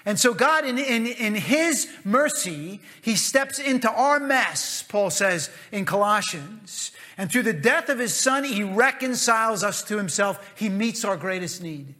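Impassioned high-voiced preacher. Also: male voice, animated, measured pace, few pauses. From United States. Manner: impassioned, repeats phrases, swings from loud exclamations to hushed asides. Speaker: pastor. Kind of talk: sermon.

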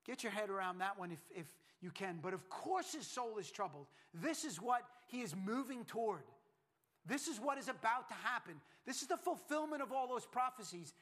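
A man with a high voice delivers a sermon. He drops to near-hushed tones, then climbs back to loud, emphatic lines, often repeating words as he builds. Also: animated, normal speed. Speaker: pastor.

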